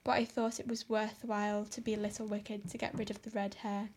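A woman's voice: medium pitch, little pitch movement, fairly quick, a little mellow, slight background noise, natural voice. A woman reading as a melodramatic despairing girl. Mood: pleading. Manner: melodramatic, pleading, overwrought. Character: dramatic, despairing young girl. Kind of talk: audiobook character voice.

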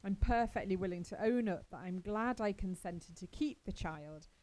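A woman reading aloud as a stern, practical older spinster who scolds briskly but is secretly fond. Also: medium pitch, darkish tone, lightly acted, rough recording. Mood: grudging. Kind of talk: audiobook character reading.

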